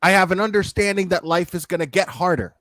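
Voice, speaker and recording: Streamer, male, high-pitched for a man, swearing rant, dry close sound. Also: fast, fairly bright tone, no echo. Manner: profane, heated, talks straight to chat. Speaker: streamer commenting on a video. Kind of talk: casual ranting commentary.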